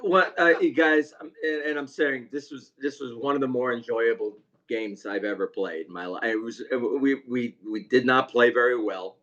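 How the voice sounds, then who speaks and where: A man co-hosting a casual sports podcast, easygoing and quick to laugh. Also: medium pitch, fairly bright tone. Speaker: podcast co-host. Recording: dull lo-fi sound.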